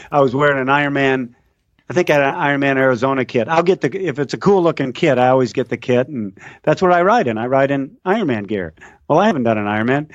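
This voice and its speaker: A man's voice: mid-range voice, no room sound, lo-fi sound. A man, a guest announcer, telling stories in a casual interview and acting out the people he quotes. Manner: animated storyteller, acts out quoted voices. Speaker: podcast guest, race announcer.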